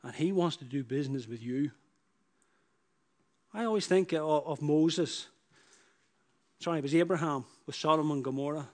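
A man preaches a sermon, building emphatic repeated phrases that rise into bursts of force. His voice is a little high, his pace moderate, with long pauses.

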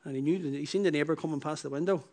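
A man preaching a sermon, who repeats his phrases and swings from loud emphatic bursts to hushed, low lines. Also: very fast.

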